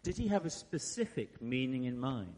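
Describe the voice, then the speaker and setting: A man preaching a sermon in a relaxed, conversational way, with fillers and asides to the congregation. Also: medium pitch, moderate pace, a little hiss or hum. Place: church hall. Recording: long hall reverb.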